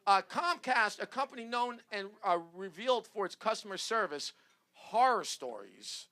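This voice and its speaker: A man hosting a comedy show, reading news jokes to his panel in a rambling, halting way and laughing at his own punchlines. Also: high voice, big pitch swings, pushed and bright. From New Jersey.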